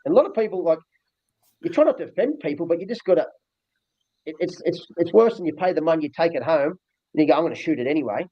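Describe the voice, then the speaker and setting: Fast-talking blunt older Australian man. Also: on the high side, animated, no room sound. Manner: blunt, rambling, earthy with frequent restarts. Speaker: dog trainer. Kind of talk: casual interview talk. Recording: dull lo-fi dry recording.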